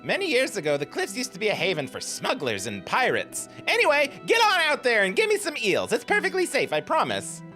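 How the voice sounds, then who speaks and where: A man's voice: very high-pitched, wildly swooping pitch, a little fast, few pauses, bright, forceful tone, faint music behind, voice pushed up, full character voice. A man voicing a cheery, chatty eccentric village woman in a game playthrough, sweetly pushy as she hands out errands. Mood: chirpy.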